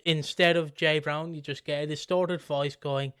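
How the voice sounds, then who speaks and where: A man co-hosting a casual podcast, rambling through his points with lots of restarts and swearing. His voice sits a bit high and sounds smooth and clear. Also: normal speed, dry recording, studio quality. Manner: rambling, animated, swears freely. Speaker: podcast co-host.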